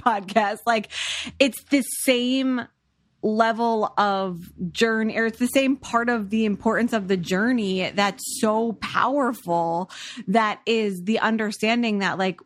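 A woman co-hosting a podcast, chatting in an energetic, talkative way. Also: mid-range voice, no echo, studio quality. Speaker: podcast co-host. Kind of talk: casual conversation.

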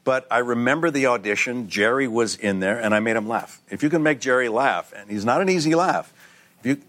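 A middle-aged actor appears as a guest on a TV talk show, telling lively anecdotes at a brisk pace. His mid-range voice shifts as he acts out characters, and he laughs often.

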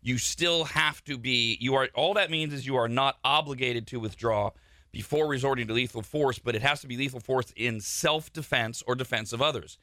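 Man, talk radio host, very bright tone, dry studio sound, opinionated and explanatory. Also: medium pitch, normal speed, no room sound. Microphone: studio microphone.

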